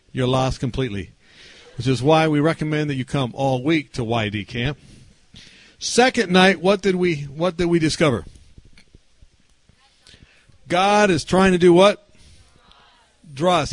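A man, a pastor in middle age, tells stories from the pulpit at a camp meeting. His voice sits high for a man, and the sound is dry and close with little room in it. He preaches with lively energy and slips into the voices of the people in his stories. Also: no echo. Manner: animated, acts out quoted voices. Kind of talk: storytelling sermon.

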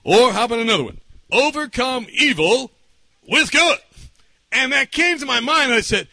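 Preacher guy with a really high bright voice, goes from shouting to whispering telling his story. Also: expressive, moderate pace, breathy edge, dry recording. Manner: swings from shouting to whispering while acting out a story. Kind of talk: sermon storytelling.

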